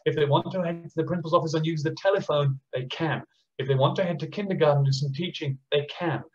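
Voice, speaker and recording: A man's voice: a little high, darkish tone. Passionate Australian man on a muffled call. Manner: passionate, acts out teachers and children in quick impressions. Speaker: education speaker. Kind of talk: online conference talk and Q&A.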